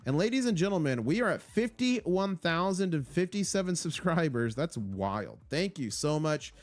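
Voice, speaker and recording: A man hosts a casual live stream, reading viewer comments aloud in an upbeat, rambling way full of fillers and restarts. His voice is on the high side and sing-song, at a moderate pace, with no room sound.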